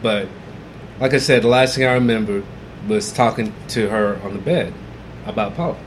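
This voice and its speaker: A man's voice: fairly low pitch, normal speed, noisy background. A man telling a story on a podcast, swearing freely and acting out what people said. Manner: profane animated storytelling, acting out quotes loudly. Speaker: podcast co-host.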